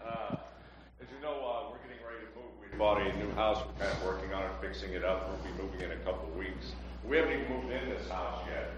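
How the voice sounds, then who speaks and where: A man's voice: fairly low pitch, fast. Hesitant man in an echoey church. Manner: hesitant, with fillers and restarts. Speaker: congregation member sharing a story. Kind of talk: casual testimony. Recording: very echoey, dull, noisy room sound.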